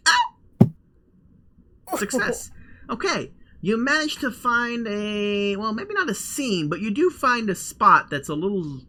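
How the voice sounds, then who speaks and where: A man running a tabletop role-playing game as game master, animated and quick to laugh. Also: high-pitched.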